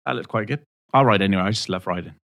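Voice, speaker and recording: A man's voice: lowish voice, very fast, fairly bright tone. Hesitant man co-hosting. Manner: hesitant, many ums and uhs. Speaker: podcast co-host. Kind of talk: casual chat.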